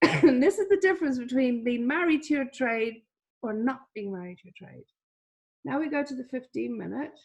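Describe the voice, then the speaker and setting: A woman's voice: sits high, lively intonation, moderate pace, a little mellow. A woman teaching a trading lesson over a shared screen, chatty, repeating herself, with many fillers. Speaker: trading coach.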